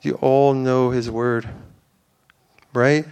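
A man's voice: medium pitch, fairly even intonation, extremely slow, darkish tone, smooth. A man giving an informal, earnest sermon to a church, rambling with fillers and restarts. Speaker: preacher.

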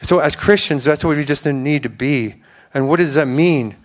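A man's voice: a little high, moderate pace. A man giving an informal, earnest sermon to a church, rambling with fillers and restarts. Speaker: preacher.

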